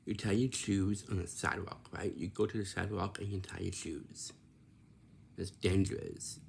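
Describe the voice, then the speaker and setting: A man's voice: low voice, steady tone, moderate pace, creaky, a little hiss or hum. A man giving casual advice in a monologue, repeating himself, restarting phrases and ending points with "right?". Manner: repetitive, instructive, many restarts and tag questions. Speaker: vlogger giving life advice.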